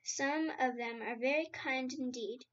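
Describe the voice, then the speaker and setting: A woman's voice: high voice, a little slow, a bit bright. A woman voicing a brave, eager young girl who speaks in raised, emphatic exclamations. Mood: indignant. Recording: slightly dull lo-fi sound.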